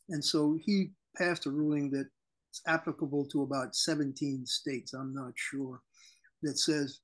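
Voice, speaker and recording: A man co-hosting a political talk show, speaking in an animated, indignant way over a remote call link. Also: a little high, measured pace. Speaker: co-host.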